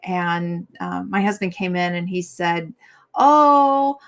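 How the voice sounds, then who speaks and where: A woman's voice: fairly low pitch, flat delivery, unhurried, creaky. A middle-aged woman hosting a casual live-stream chat, rambling and chatty with many fillers as she talks to viewers.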